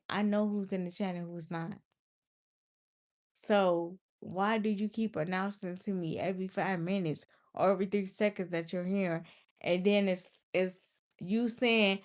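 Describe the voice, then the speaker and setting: A young woman livestreaming, casually and exasperatedly scolding a viewer in the chat. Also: medium pitch. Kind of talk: casual live-stream talk to chat.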